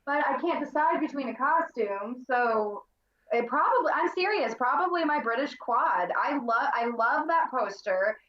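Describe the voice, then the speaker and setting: A woman's voice: sits high, expressive, measured pace, a bit bright, roomy sound, lo-fi sound. A woman on a video call as guest collector, bubbly and casual, saying "like" a lot. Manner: bubbly, peppers speech with "like".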